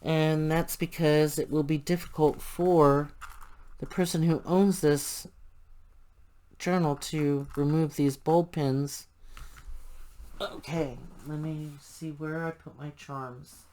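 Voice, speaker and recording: A woman's voice: low voice, fairly even intonation, slow pace, dark tone. An older woman chatting casually and thinking aloud as she works through a craft tutorial. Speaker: crafting channel host.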